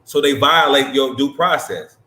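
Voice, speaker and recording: A man's voice: medium pitch, normal speed, bright, forceful tone. Man, blunt and profane, casual commentary, echoey room. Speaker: host reacting to a clip.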